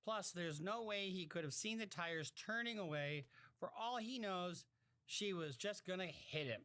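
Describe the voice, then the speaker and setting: A man's voice: sits high, expressive, unhurried, pushed and bright. A man giving casual live-stream commentary and reading out viewer messages, blunt and swearing freely, often stopping and restarting his sentences.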